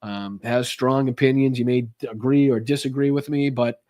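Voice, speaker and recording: A man's voice: mid-range voice, fairly even intonation, moderate pace, warm tone. A man hosting a political podcast live from home, chatting loosely, swearing and thanking viewers. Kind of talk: casual live-stream chat.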